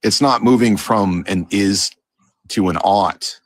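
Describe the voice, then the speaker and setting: Deep husky male debater, assertive and lecturing, sets others straight. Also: dry recording. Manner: assertive, lecturing, quick to correct. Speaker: debate panelist. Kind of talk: casual philosophical debate.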